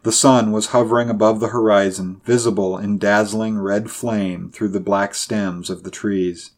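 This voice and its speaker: A male narrator reading a horror story aloud. His delivery is measured and dramatic, and his voice sits fairly low. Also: steady tone. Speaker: audiobook narrator. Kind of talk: scripted narration.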